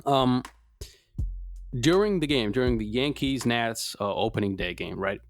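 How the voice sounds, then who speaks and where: A man's voice: mid-range voice, expressive, unhurried, faint music behind. A man co-hosting a sports podcast, ranting in casual, profane, heated chat. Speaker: podcast co-host.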